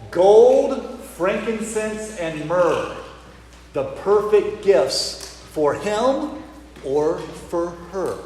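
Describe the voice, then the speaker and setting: A man from the American South with a Southern accent, a priest giving a sermon and telling stories with lively quoted voices. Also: sits high, extremely slow. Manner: storytelling, animated when acting out quotes. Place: church. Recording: roomy church with long reverb, faint ambience.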